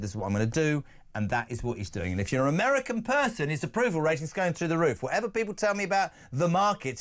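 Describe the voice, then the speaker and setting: Fast-talking radio host, high voice. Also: male voice. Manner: fast, jokey, reads listener messages aloud. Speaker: radio talk show host. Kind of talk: talk radio phone-in.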